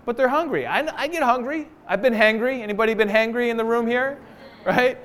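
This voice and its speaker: A man preaching a sermon to a congregation indoors, animated and jokey in a conversational way. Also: extremely high pitch, brisk. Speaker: pastor.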